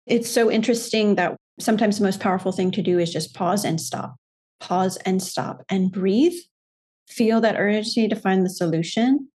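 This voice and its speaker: A woman who works as a coach, a podcast guest speaking in a thoughtful, earnest and measured way. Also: medium pitch, a little mellow, slightly rough. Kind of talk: reflective podcast conversation.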